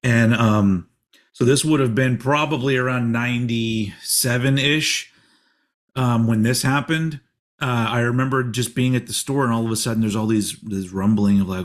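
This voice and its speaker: A man's voice: medium pitch, moderate pace. A man in his forties hosting a podcast, telling rambling stories in casual chat, swearing and laughing often. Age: 40s. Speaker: podcast host.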